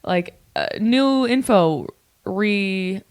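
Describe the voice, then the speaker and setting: A woman co-hosting a podcast in casual chat, rambling with many fillers and giggles, her voice lower from the morning. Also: animated, extremely slow, smooth, dry recording. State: morning voice, lower than usual. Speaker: podcast co-host.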